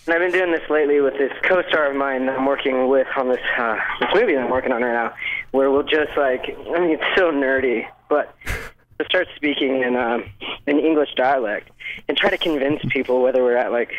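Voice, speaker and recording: A man's voice: medium pitch, brisk, slight background noise. Guest actor, male, childlike stuffy voice, chatty and self-mocking, dull lo-fi audio. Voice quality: sounds like a five-year-old with a cold. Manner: chatty, self-deprecating, lots of restarts. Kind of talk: casual interview chat. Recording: dull lo-fi sound.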